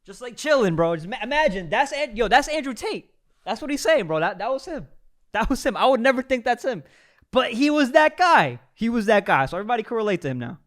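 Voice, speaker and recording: A man from New York City comments on a clip in a reaction video. He is excitable and keeps saying "bro." His voice sits rather high for a man. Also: brisk. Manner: excitable, says "bro" constantly.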